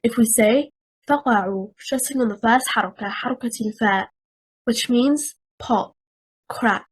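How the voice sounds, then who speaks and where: A woman trainer giving a scripted lecture on Quranic stress, speaking in a measured, deliberate way and repeating example words with different stresses. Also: a little high, breathy edge, rough recording.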